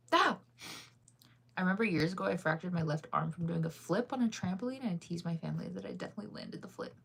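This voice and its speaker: A young woman with a slightly low voice chats with viewers while she reads comments. She keeps it loose and talkative and laughs often. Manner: chatty, laughs often, sings snippets off-key. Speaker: livestreamer reading comments. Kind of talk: casual chat with viewers.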